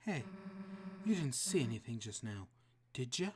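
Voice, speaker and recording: A woman voicing a gruff, surly female monster teenager with a low, menacing mutter. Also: big pitch swings, normal speed, noisy background.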